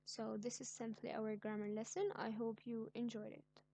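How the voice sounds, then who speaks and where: A woman teaching an online grammar lesson, speaking slowly and clearly and repeating each example sentence. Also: a little high, level tone, dark tone. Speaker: English teacher.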